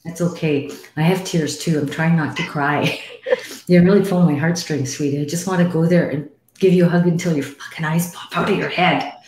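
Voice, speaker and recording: A low-voiced, middle-aged woman hosts a live psychic call-in show and speaks to callers bluntly and warmly, swearing without a second thought. Her voice carries a roomy echo. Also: steady tone, a little fast, a little hiss or hum. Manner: blunt and frank, swears, calls callers sweetie. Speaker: psychic medium host.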